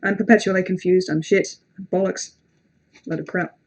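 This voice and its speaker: A woman's voice: on the low side, steady tone, moderate pace, a little mellow. British woman, young adult, casual livestream chat, rambling, sweary, self-deprecating. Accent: British English. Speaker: livestream host reading horror stories. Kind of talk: casual live-stream chat and story reading.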